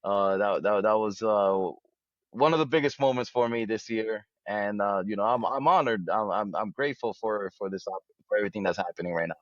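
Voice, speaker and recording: A man's voice: on the low side, a little fast, no echo, dull audio. A man as an interview guest, talking casually with many restarts and fillers.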